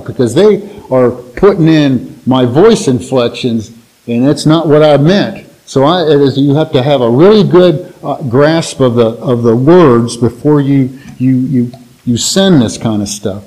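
A man's voice: fairly high pitch, lively intonation, unhurried, darkish tone, poor audio. A man giving an informal Bible teaching to his church in a plainspoken, folksy, conversational way.

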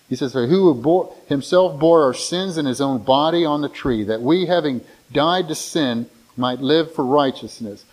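A man preaching a sermon in a conversational way, slowing down and lifting his voice when he reads scripture. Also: mid-range voice, low-quality recording. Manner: conversational, with frequent restarts and fillers; slows down and lifts his voice when reading scripture. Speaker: pastor.

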